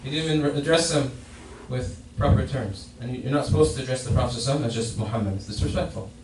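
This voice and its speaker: Speaking very fast in a mid-range voice, a man explains a hadith in a Friday sermon, often repeating himself and restarting phrases. The setting is a mosque prayer hall, recorded with a distant mic amid echo and faint noise.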